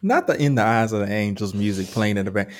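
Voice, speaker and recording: Man, podcast co-host, casual chat, lively swooping delivery, playful and scolding. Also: lowish voice, fast talker. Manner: animated, playful scolding, laughs often.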